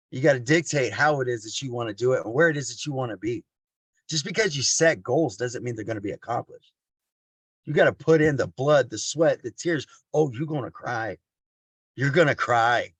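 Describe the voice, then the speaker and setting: A man's voice: mid-range voice, a bit bright, husky, no room sound. Blunt, repetitive man giving a motivational talk. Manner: blunt, casual, repeats lines for emphasis; addresses listeners as family. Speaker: motivational speaker.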